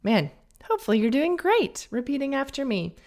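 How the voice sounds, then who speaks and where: A woman teaching pronunciation on a podcast, slowly modeling vowel sounds and example words for listeners to repeat. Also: sits high, very animated, creaky, darkish tone. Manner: slow, careful, drawn-out modeling of vowel sounds.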